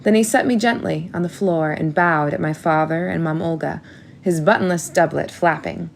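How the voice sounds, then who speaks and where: A woman narrating a storybook in the first person with a measured, expressive reading. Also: low-pitched, gravelly, slight background noise. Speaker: audiobook reader.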